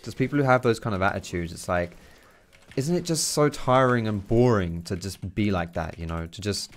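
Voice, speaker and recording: A man's voice: lowish voice, expressive, normal speed. A man giving casual commentary while playing a video game, chatty, swearing and chuckling often. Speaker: gaming video creator.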